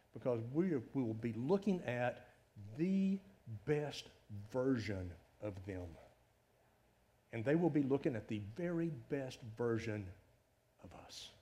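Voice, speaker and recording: With a mid-range voice, the middle-aged pastor gives a lively, conversational sermon crowded with rhetorical questions.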